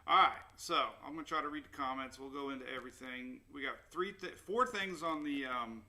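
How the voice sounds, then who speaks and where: A man's voice: medium pitch, brisk, sharp tone. A man hosting a casual weather livestream, rambling and upbeat as he chats with viewers. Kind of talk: casual live-stream chat. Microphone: new desktop microphone.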